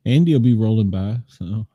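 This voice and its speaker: A man's voice: lowish voice, animated, normal speed, warm tone, no room sound. A man hosting a casual podcast chat, teasing the others and laughing often. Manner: giggly teasing, laughs a lot.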